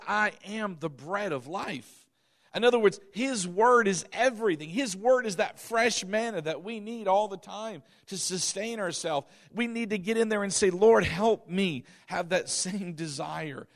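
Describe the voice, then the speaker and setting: A middle-aged male pastor preaching a sermon, emphatic and repetitive, with chuckling asides. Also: a little high.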